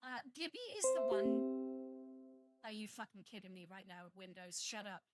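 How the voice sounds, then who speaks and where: A woman's voice: mid-range voice, animated, normal speed, over music. A young British woman streaming live, rambling casually to her viewers and swearing at her computer. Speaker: VTuber streamer.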